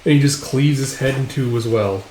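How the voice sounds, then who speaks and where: A man with a medium-pitched, somewhat dark voice recaps a comic book page by page at a moderate pace, retelling it loosely with lots of filler. He's a comics reader and commentator doing a casual read-through, and the recording has a roomy echo.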